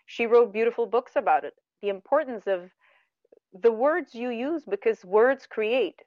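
A middle-aged woman who is not a native English speaker, a guest talking earnestly and warmly about spiritual self-talk in a radio conversation. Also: fairly high pitch, unhurried, no echo, highs cut off. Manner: earnest, animated, laughs at herself. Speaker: guest, meditation teacher.

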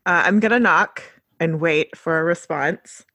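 A woman's voice: low-pitched, measured pace, bright, forceful tone, dry recording. A woman playing a tabletop role-playing game, casually describing her character's actions. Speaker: player.

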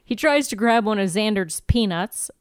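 Giggly woman recapping TV, clear voice. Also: mid-range voice, expressive, moderate pace, no room sound, clean studio sound. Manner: playful, giggly storytelling. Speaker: podcast co-host. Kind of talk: casual chat recapping TV episodes.

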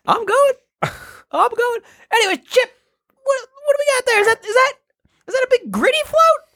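A man voicing an excitable male parade radio announcer who rambles in hyped, shouty patter. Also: very high voice, normal speed, no echo, studio quality, pitched above the performer's own voice, heavily acted. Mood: excited. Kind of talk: improvised comedy bit.

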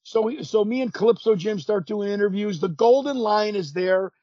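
A man in his fifties, a podcast guest, telling stories in an animated way, acting out quotes and often restarting his sentences. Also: sits high, normal speed, dry recording. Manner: animated storyteller, acts out quotes, frequent restarts. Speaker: podcast guest, former pro wrestler. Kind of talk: casual storytelling interview. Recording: dull lo-fi sound.

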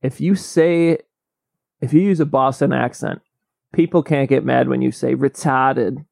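Deadpan man pitching absurd theories. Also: unhurried, gravelly, no echo, clean studio sound. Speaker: podcast co-host, comedian. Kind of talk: casual comedic chat.

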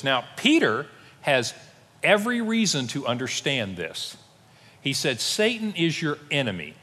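A man's voice: mid-range voice, fairly bright tone. A male pastor delivers a sermon, bringing each story to life by acting out the voices he quotes. His voice rises and falls a lot. It carries with a long reverb, as if filling a large church sanctuary.

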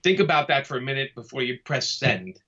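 A man's voice: medium pitch, expressive, brisk, pushed and bright, lo-fi sound. A man from Brooklyn, talking casually and easygoingly as an interview guest, often laughing as he speaks. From Brooklyn, New York. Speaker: comic artist guest.

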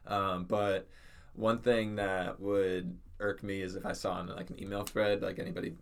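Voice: sits low, level tone, moderate pace, gravelly. A guest on a casual podcast, talking in an easygoing, thoughtful way with many "you know"s. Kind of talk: casual chat.

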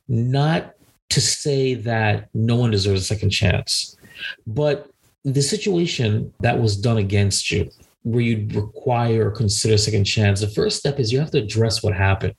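A man with a gravelly, creaky voice co-hosts an advice podcast. He speaks earnestly and with emphasis, encouraging the listener at a mid pitch. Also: darkish tone. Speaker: podcast co-host giving advice. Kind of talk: casual advice chat.

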